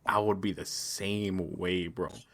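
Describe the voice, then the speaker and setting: A man's voice: deep voice, fairly even intonation, slow, a bit bright. A man co-hosting a podcast, chatting about a movie in a laid-back, slangy way and laughing often. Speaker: podcast co-host. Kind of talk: casual movie review chat.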